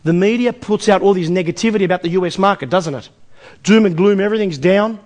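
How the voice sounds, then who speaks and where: A man with an Australian accent presents an investment seminar to a live audience, talking at a rapid clip. He keeps firing rhetorical questions at the room with salesman-like energy, and his voice sits noticeably high. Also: darkish tone.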